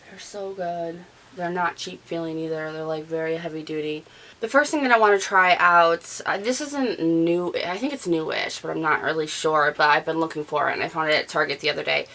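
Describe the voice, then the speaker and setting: A woman's voice: lowish voice, a bit bright, rough recording. A woman in her thirties, chatty and rambling, talking through her makeup routine with a nasal, stuffy voice from allergies. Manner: chatty, rambling, talks while applying makeup. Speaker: beauty vlogger. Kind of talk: casual chat.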